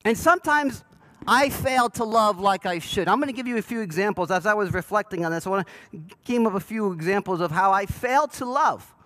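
Pastor, male, high and lively voice, chatty and self-deprecating, asks the room questions. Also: a little fast, low-quality recording. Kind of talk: sermon. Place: church sanctuary.

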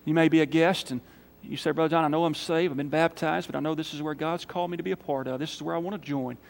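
A man preaching a sermon as pastor, emphatic, swinging between loud calls and quiet appeals. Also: on the high side, steady tone, fast talker, gravelly. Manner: emphatic, rising to loud calls then dropping soft for prayer. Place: church sanctuary. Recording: church hall reverb.

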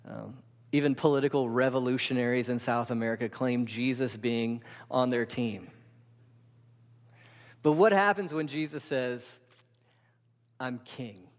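A man with a mid-range voice preaches at a moderate pace, emphatic and questioning his congregation again and again. It's a sermon, captured with dull sound and a long reverb from the hall.

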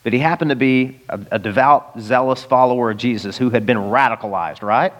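A man preaching a sermon in a church, conversational and animated, with jokes and rhetorical questions. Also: medium pitch, a little fast. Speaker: pastor.

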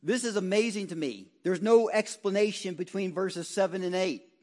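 A high-pitched middle-aged man preaches a fervent sermon. His voice drops to a near hush on solemn phrases and swells into loud, ringing exhortation when he stresses the hope he preaches. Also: normal speed. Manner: impassioned, swinging from hushed low tones to loud exhortation. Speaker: ruling elder preaching.

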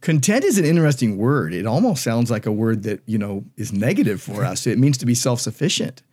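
A man's voice: medium pitch, sing-song, fairly quick, darkish tone, breathy edge. A man, a pastor and podcast co-host, explaining Bible verses in an emphatic, conversational teaching style. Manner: emphatic, explanatory, reads scripture aloud.

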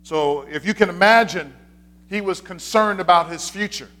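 A man's voice: sits high, moderate pace, fairly bright tone. A man, a pastor, giving a conversational sermon, repeating his key points with frequent fillers.

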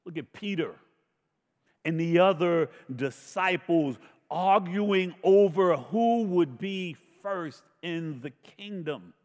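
A man preaching a sermon in slow, emphatic phrases, swelling to loud questions and dropping to a hush. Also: high-pitched. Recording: long reverb of a large hall.

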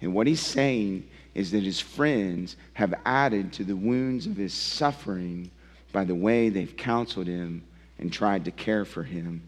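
A male pastor preaching a sermon, emphatic and swinging from loud to hushed, often asking his listeners direct questions. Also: sits low, unhurried. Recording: long reverb of a large hall.

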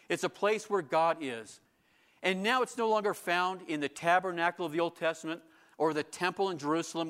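A pastor preaching a sermon in church, earnest and emphatic, asking rhetorical questions. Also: male voice, on the high side, fairly bright tone.

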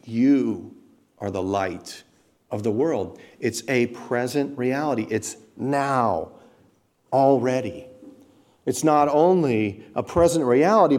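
A man preaching a sermon, emphatic and direct, asking the congregation rhetorical questions. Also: on the high side. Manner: emphatic preaching, building to loud repeated stresses. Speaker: pastor.

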